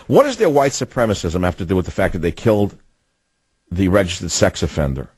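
Husky-voiced ranting radio host, a man. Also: sits low, sing-song, fairly quick, a little mellow, no room sound. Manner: indignant, ranting commentary; sardonic asides. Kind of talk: talk radio monologue.

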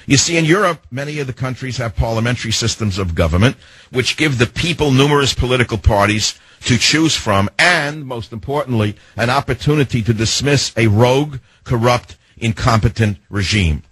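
A man's voice: medium pitch, expressive, a bit bright, breathy edge, no room sound, low-quality recording. An older man with a New York accent hosting a talk radio show, brash and digressive. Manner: brash, rapid-fire, digressive.

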